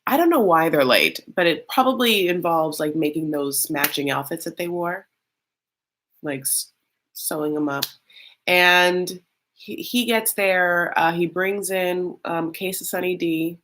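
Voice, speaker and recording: A woman's voice: fairly low pitch, unhurried, fairly bright tone, slight background noise. A woman hosting a casual reality-show recap, chatty and loose, full of fillers and calling the audience honey.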